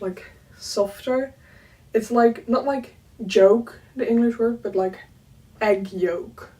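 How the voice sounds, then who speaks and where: A woman's voice: mid-range voice, a little mellow, far from the mic, low-quality recording. A young woman with a Dutch accent, chatting in a casual vlog, giggling and using lots of fillers. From Netherlands. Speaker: YouTuber.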